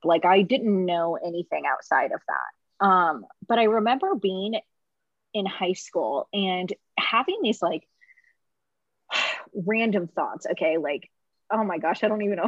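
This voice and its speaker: A woman's voice: mid-range voice, expressive, moderate pace, slightly rough, no room sound, dull audio. Emotional woman telling her story. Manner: emotional, laughing through tears, many fillers. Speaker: podcast guest. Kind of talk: candid personal storytelling.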